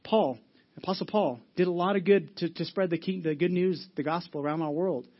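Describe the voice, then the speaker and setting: In a muffled recording, a high-voiced male pastor talks a little fast through his sermon. He comes across as earnest and conversational, repeatedly restarting his lines and using fillers.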